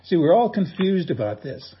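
Pastor guy preaching, real husky voice, kinda high, folksy jokey storytelling, muffled recording. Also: big pitch swings, normal speed. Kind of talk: sermon.

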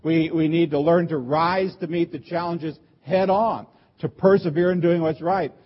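Male pastor, husky, slightly high voice, emphatic sermon delivery, dull lo-fi recording. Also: fairly even intonation, normal speed. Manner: earnest, emphatic preaching with repeated rhetorical questions.

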